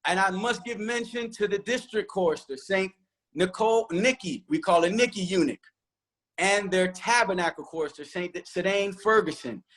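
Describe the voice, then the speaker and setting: High-voiced man giving emotional thanks. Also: moderate pace, a bit bright. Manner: emotional, rambling acknowledgements. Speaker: choir director. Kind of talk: virtual panel thanks.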